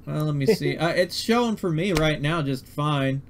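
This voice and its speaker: A man's voice: on the high side, expressive, moderate pace. A man with a slightly raised voice runs a livestream in an easygoing way. He talks his co-host through fixes step by step and drops fillers as he goes. Faint noise hums in the background. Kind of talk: casual livestream chat.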